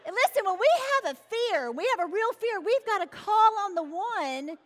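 High, bright Southern woman storyteller. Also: moderate pace. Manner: animated, folksy, playful. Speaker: host and speaker. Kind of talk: humorous storytelling to a live audience.

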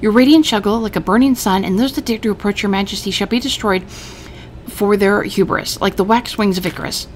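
A woman's voice: medium pitch, a little fast, a little hiss or hum, pitched above the performer's own voice, close to an everyday voice. A woman reading as a gushing male tailor. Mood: eager. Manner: theatrical, gushing read-aloud. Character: nervous male tailor, flowery and eager.

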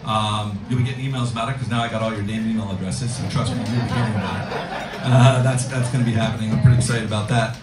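Rambling middle-aged stand-up comic. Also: male voice, on the low side, fairly even intonation, fast talker, a loud crowd. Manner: rambling, self-deprecating, full of ums and restarts. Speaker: stand-up comedian. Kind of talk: live stand-up set. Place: restaurant comedy room with a live audience. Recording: roomy room from far off, music behind.

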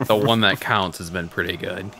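A man telling animated stories and doing silly voices while playing a game with friends, swearing freely. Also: deep voice, moderate pace. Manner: animated storyteller, does silly impressions, swears. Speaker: gamer on a co-op stream. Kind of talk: casual gaming banter.

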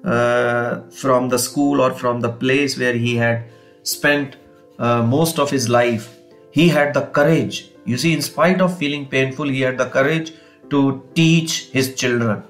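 A man's voice: medium pitch, steady tone. A man explaining a textbook chapter to students, reading passages and then going over them, often saying "you see" and "kindly note down". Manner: slow, repeats and rephrases, fillers, "you see" and "kindly note down". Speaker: English teacher. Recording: faint guitar music behind.

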